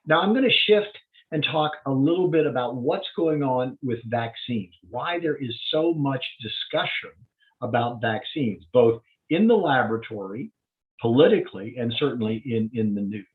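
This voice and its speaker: A man's voice: mid-range voice, animated, moderate pace. A man, a physician, giving a community health update and walking plainly through slides step by step. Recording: tinny phone-like line.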